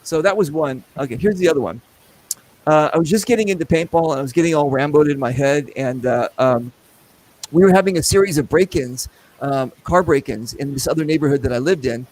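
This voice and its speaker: A middle-aged man hosting a casual show, telling a long story with lots of acted-out voices and quick asides. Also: fairly high pitch, rough recording. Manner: animated, acts out voices in anecdotes. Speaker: podcast host.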